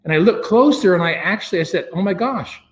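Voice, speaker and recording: An American man casually telling a long story, acting out his own thoughts in a rambling, animated way. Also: quick pace, a little hiss or hum. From United States. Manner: animated, acts out his own past thoughts with sudden jumps in pitch; rambling, with many fillers and restarts.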